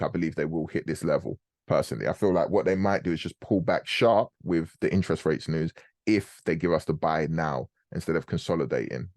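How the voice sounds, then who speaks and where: Deep-voiced man talking trades fast. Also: a little mellow, dry recording, clean studio sound. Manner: fast, casual and explanatory, slangy. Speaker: forex trading host. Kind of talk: live trading commentary on a group call.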